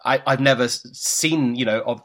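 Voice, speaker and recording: A man's voice: mid-range voice, moderate pace, a bit bright. A man hosting an interview, chatting casually and rambling with many fillers. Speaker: interviewer host.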